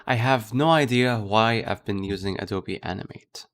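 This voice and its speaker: A man's voice: fairly low pitch, moderate pace. A man streaming live, chatting casually as he thinks aloud and gushes over a tool he likes. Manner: thinking aloud, gushing with excitement.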